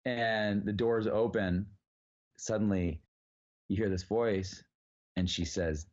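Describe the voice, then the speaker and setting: A man telling a long anecdote in a relaxed, casual way, rambling with many fillers and the odd swear word. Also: low-pitched, slow pace. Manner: rambling, lots of "like" and "you know", swears freely. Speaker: actor guest. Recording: dull lo-fi sound.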